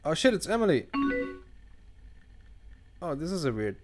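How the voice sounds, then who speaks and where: A man's voice: a little high, normal speed, over music. A young man, not a native English speaker, casually commenting on a game he plays, thinking aloud and swearing as he reacts. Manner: animated, swearing, thinking aloud while reading choices. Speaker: gaming channel host. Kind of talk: casual let's play commentary.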